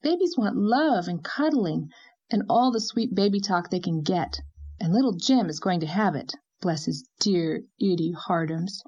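A woman's voice: animated, moderate pace, mellow, lo-fi sound, natural voice. Name: Anne. Figure: a woman voicing a doting young mother in cooing baby talk. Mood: playfully defiant. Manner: cooing baby talk, high and sing-song.

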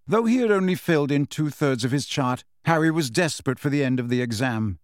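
A man narrating a story in a measured storytelling manner. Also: mid-range voice, animated, dry recording, clean studio sound. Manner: measured storytelling with shifting character voices. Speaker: audiobook narrator. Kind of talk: scripted narration.

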